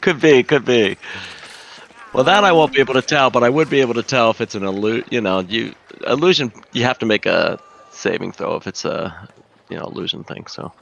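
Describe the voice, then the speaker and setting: A man's voice: medium pitch, brisk, creaky, a bit bright. A man playing in a tabletop game, who speaks hesitantly and often trails off. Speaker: player. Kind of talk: casual chat. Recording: muffled, noisy home recording.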